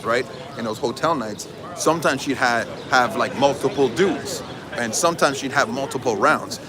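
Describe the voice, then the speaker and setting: A man giving an animated, emphatic casual recap outdoors, retelling events with quoted lines. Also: mid-range voice. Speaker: trial commentator. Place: outdoors outside a courthouse. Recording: outdoor street noise.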